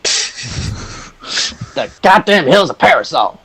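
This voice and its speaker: A man's voice: big pitch swings, extremely slow, sharp tone, husky, heavily acted. A man doing a stammering, panicky underground creature. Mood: dazed. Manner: stammering, swearing, high-strung. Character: panicky underground-dwelling creature, excitable, crude.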